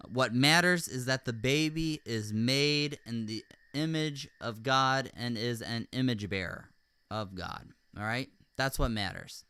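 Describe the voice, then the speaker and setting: A man's voice: medium pitch, unhurried, hardly any pauses, bright, forceful tone, clean tone, dry recording. A man hosting a podcast, speaking in casual and emphatic commentary, often checking in with "all right?". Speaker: podcast host.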